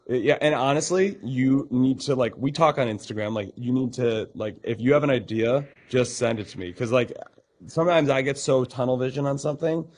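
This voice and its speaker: A man in relaxed podcast conversation, mid-pitched and loose, piling up fillers. He slips into quick acted-out quotes of other people. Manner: rambling, filler-heavy, animated quoting. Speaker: podcast guest, comedian and fitness instructor.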